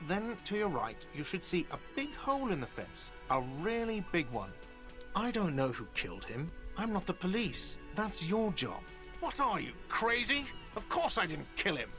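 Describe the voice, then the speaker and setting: Grumpy game figure: a whiny, touchy cafeteria boss, voice swinging up and down. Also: male voice, high voice, very animated, normal speed, pushed and bright, soft background music, exaggerated voice. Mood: irritable. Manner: defensive, irritable and whiny. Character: grumpy middle-aged male cafeteria manager. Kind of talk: video game voice acting.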